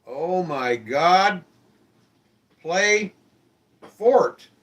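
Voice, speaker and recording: A man's voice: high-pitched, animated, very slow, fairly bright tone. A man hosting a live-stream show, chatting casually and in a friendly way with his viewers and asking them questions.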